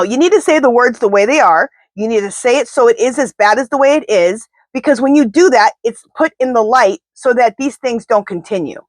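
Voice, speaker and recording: A woman's voice: on the high side, dry recording. A woman doing a casual tarot reading to camera, talking to her spirit guides and speaking bluntly and indignantly. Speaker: tarot reader.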